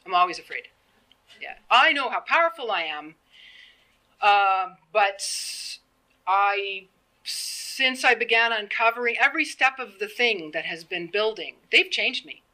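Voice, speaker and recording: A woman's voice: mid-range voice, expressive, unhurried, bright, forceful tone, poor audio. Earnest plain-spoken woman in her fifties. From Canada. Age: 50s. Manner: earnest, plain-spoken, acts out quoted exchanges. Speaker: presenter. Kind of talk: public presentation.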